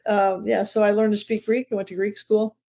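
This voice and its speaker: A chatty woman in her seventies from the Chicago area, telling stories in a rambling, self-deprecating way. Her voice sits at a middle pitch with a gravelly, creaky texture. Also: little pitch movement, brisk, warm tone. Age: 70s. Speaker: comedian guest. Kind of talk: casual interview chat.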